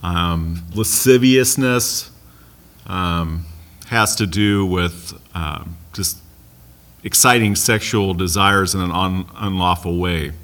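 American guy leading bible study, lowish voice but bright and forceful, chatty, keeps quizzing the class. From United States. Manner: conversational, asks the class questions, joking asides.

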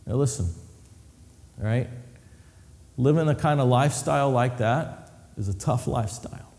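A man preaching a sermon, telling a story that moves from hushed, low passages to rising, emphatic ones. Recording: reverberant hall.

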